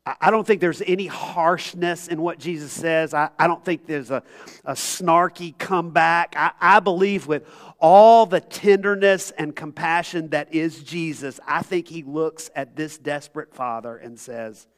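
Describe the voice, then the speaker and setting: Impassioned pastor, slightly high voice. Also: male voice, unhurried. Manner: impassioned, swings from loud pleading to hushed tones. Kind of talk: sermon.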